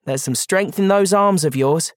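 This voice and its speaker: A warm, fussing middle-aged mother voiced by a man reading a story aloud speaks with open pride and affection. Her voice sits a little higher than his own, and the recording is close and dry. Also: moderate pace, no echo, natural voice. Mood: fond teasing. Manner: fond, fussing and proud. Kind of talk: audiobook character voice.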